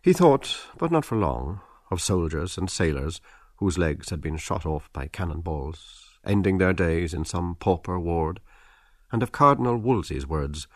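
A man narrating an audiobook in a measured, expressive literary reading. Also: low voice, dry recording, studio quality. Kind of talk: scripted narration.

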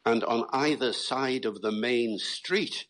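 A man's voice: mid-range voice, slow pace, fairly bright tone, slight background noise. A man from Britain, a linguist, explaining accents as an interview guest in an engaging, storytelling way. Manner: storytelling, lecturing.

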